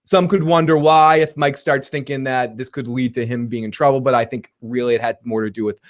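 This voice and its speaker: A man's voice: medium pitch, steady tone, fairly quick. A man giving a casual, rambling TV episode recap, swearing freely and chuckling as he goes. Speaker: TV show reviewer.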